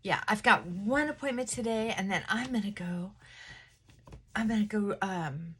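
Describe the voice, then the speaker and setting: In a casual morning vlog shot at her home mirror, a woman gets ready while reflecting and giving herself encouragement. Her medium-pitched voice carries a breathy edge, moving between pushy, rapid talk and soft, slowed moments that drop close to a whisper.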